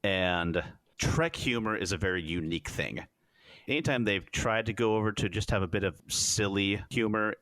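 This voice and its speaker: A man's voice: sits low, no echo. A man co-hosting a podcast in casual chat, retelling scenes and acting out the dialogue. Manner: animated storyteller, acts out dialogue in raised voices. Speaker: podcast co-host.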